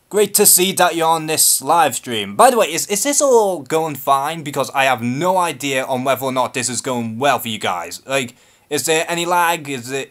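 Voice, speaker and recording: A YouTube channel host from Liverpool with a Scouse accent runs a live-stream Q&A, sounding nervous, hesitant and unscripted. His voice is a little high and a bit bright.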